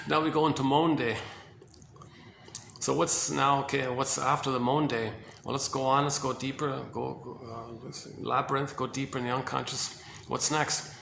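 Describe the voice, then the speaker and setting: Man lecturing, repeats himself a lot, bright voice, echoey room with faint hum behind. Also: mid-range voice, normal speed, vocal fry. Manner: emphatic, repetitive, conversational with many fillers. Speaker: lecturer on psychoanalysis. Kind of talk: informal lecture.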